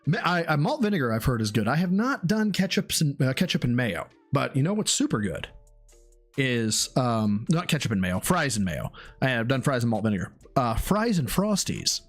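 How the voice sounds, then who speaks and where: A man's voice: medium pitch, big pitch swings, normal speed, soft background music. A man on a live stream, ranting sarcastically and swearing as he reacts to a food review. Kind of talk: casual live-stream commentary.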